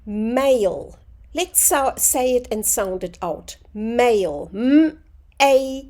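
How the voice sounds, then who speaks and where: A woman teaching a phonics lesson to young children, sounding out words slowly and clearly. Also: fairly high pitch, animated, darkish tone.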